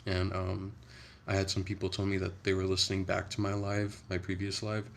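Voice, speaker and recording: A young man chats casually on a livestream, rambling along in a soft, low-key way. His voice sits very low with a gravelly fry, and a faint hiss of noise runs underneath. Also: monotone, fairly quick. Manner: soft-spoken, rambling, chatty. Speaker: livestream host.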